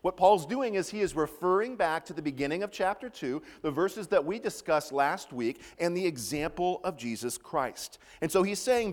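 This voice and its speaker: Lively preaching man in a reverberant hall. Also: fairly high pitch, moderate pace. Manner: expressive preaching with prayer and rhetorical questions. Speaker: pastor. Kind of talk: sermon.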